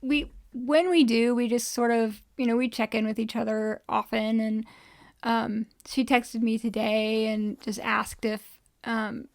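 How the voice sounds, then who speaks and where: A woman's voice: on the high side, little pitch movement, unhurried, gravelly. A woman co-hosting a casual podcast, talking in a hesitant way full of fillers. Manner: warm, hesitant, many "um"s and "like"s. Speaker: podcast co-host. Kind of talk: casual chat. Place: home podcast setup in Alaska.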